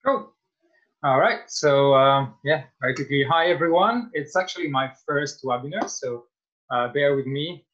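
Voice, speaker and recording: A man's voice: mid-range voice, animated, moderate pace, fairly bright tone. A young man with an Italian accent, a native Italian speaker, giving a webinar talk as guest speaker in a friendly, hesitant way with frequent fillers. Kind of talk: webinar presentation. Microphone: video call. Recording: dull lo-fi video call audio.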